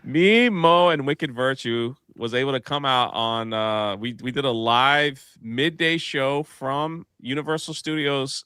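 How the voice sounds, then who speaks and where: A man's voice: mid-range voice, smooth, dry recording, clean studio sound. A man hosting a casual live panel show, telling a story and acting out the voices in it. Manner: animated, acts out the voices in his anecdotes.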